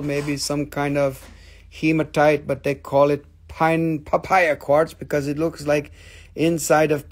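A man runs a live crystal sale in a rambling, joking way. His voice sits slightly high. He talks casually and playfully to his viewers. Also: darkish tone. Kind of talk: casual live sales stream.

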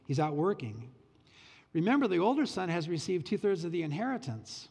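A male pastor preaching a sermon in a folksy, animated way with casual asides. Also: sits high, a little fast, creaky, husky, big-room sound.

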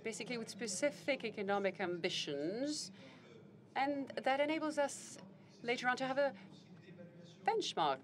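A woman giving live spoken interpretation of a panel conversation, formal and measured, often pausing on fillers and correcting herself mid-phrase. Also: a little high, sing-song. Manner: halting, with fillers and self-corrections.

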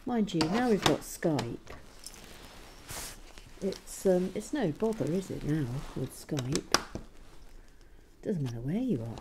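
Low, slow-talking woman vlogger. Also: lively intonation, background noise. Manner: chatty, rambling, lots of fillers and restarts. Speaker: building-toy vlog host. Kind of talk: casual build commentary. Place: cold room at home.

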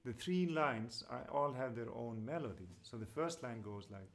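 A man teaching devotional singing, explaining slowly and gently with many pauses and fillers, and stopping now and then to sing a line. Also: medium pitch, animated. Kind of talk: lecture with sung examples.

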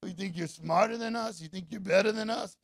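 Gravelly, husky preaching man. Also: sits high, a little fast. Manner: rousing call-and-response preaching, rising to shouts. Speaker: pastor. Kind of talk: sermon.

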